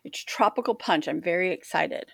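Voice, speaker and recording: A woman's voice: on the low side, normal speed, creaky, breathy edge, no echo. A woman co-hosting a podcast in casual chat, rambling and self-deprecating. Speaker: podcast co-host.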